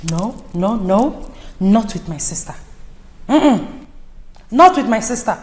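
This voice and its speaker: A woman's voice: mid-range voice, animated, takes it slowly, a little mellow. An actress with a Nigerian accent playing a protective young woman who talks insistently and with agitation. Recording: echoey room. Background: faint music.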